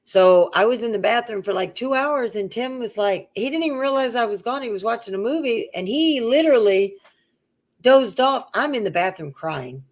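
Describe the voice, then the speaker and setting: A middle-aged woman, the co-host, relates a long personal anecdote in casual conversation at a moderate pace, her voice a little high. Animated throughout, she performs the voices of the people she quotes.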